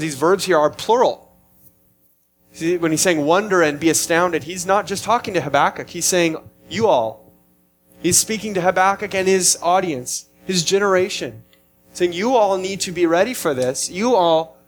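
A man preaching a sermon, earnest and emphatic, with a voice a little higher than most. He restarts phrases as he works through his point. Faint music sits quietly behind him. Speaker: pastor.

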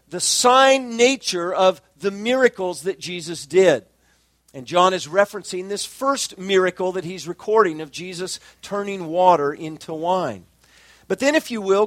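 Guy preaching a sermon, kinda high voice, slow and emphatic on the big words, dry sound. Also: no room sound. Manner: measured, emphatic, slows on key phrases. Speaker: pastor. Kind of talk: expository sermon.

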